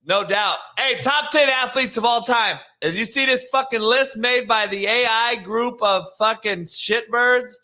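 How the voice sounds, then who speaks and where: Bright-voiced profane sports show host. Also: male voice, very high voice, a little slow, few pauses. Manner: blunt, profane, opinionated. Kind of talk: casual sports chat.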